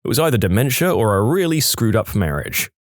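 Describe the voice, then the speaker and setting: Man, low voice, animated delivery, story narration, dry close sound. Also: a little fast, dry recording. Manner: lively, expressive storytelling. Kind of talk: scripted narration of online stories.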